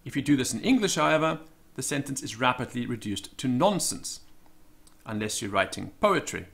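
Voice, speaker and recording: A man giving an informal spoken lesson, thinking aloud with many ums and slowing down to stress each example. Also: medium pitch, big pitch swings, gravelly, a bit bright. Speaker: Latin teacher.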